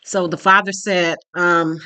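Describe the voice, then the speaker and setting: A woman with a slightly low voice tells a story straight to her phone camera. She talks casually and with feeling, slipping into the voices of the people she quotes, like a parenting teacher sharing an experience. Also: steady tone, unhurried, pushed and bright, smooth. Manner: retells dialogue with quoted voices, emotional. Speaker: parenting class instructor. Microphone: phone recording herself.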